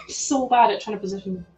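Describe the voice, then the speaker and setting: A woman's voice: medium pitch, moderate pace, dark tone, husky, faint music behind, rough recording. A young woman with a sore throat, chatting casually and giggling on a livestream while she builds, talking into a headset at home. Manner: chatty, giggly, reacts to chat aloud. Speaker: livestream host.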